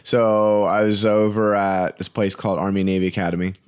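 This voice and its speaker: A man who is a comedian guest, telling stories excitedly, acting out voices and saying "like" constantly. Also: on the low side, fairly quick, clear, resonant tone. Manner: excitable, acts out voices, heavy use of "like". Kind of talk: animated storytelling in casual chat.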